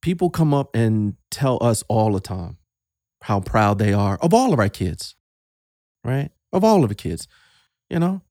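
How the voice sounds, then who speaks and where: A man in his fifties, a father speaking with emotion in a casual podcast talk, halting and repeating words as he gets choked up. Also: on the low side, very animated, darkish tone, no echo, clean studio sound. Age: 50s. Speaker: guest, host's father.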